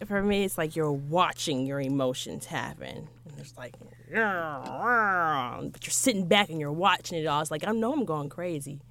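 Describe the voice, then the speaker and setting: A young woman chatting casually as a podcast co-host, expressive and quick to laugh. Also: deep voice. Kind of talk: casual chat.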